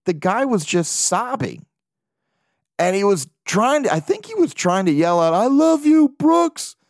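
A man with a somewhat high voice talks through a loose, joking monologue on his own podcast. The sound is close and dry, with no room around it. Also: dry recording. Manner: rambling, jokey storytelling with laughs. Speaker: podcast host. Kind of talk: casual solo podcast monologue.

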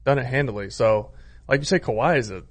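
A man's voice: medium pitch, fast. A man co-hosting a casual sports chat, agreeable and laid-back. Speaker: sports talk co-host.

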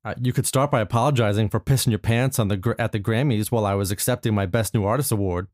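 A man playing a touchy, vain young female pop star who snaps back with quick, accusing retorts in an improvised comedy scene. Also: fairly low pitch, darkish tone, no room sound, clean studio sound, natural voice. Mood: snippy.

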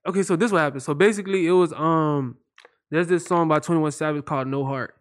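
A man's voice: fairly high pitch, quick pace, clear, resonant tone. A young man, a comedy video creator, tells stories casually in loose slang with lots of fillers. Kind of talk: casual podcast chat.

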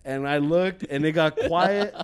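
Young male co-host, slightly high voice, swears constantly, loose and animated storytelling. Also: a little slow, background noise. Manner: profane, animated, laughing storyteller. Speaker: podcast co-host. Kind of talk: casual storytelling chat.

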